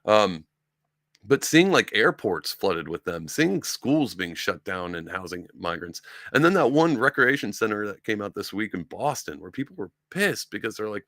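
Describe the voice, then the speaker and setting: A man's voice: on the low side, big pitch swings, moderate pace, a bit bright, dry recording, clean studio sound. A young man from upstate New York who hosts a podcast and rambles through casual political commentary, often mocking other people in put-on voices. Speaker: podcast host.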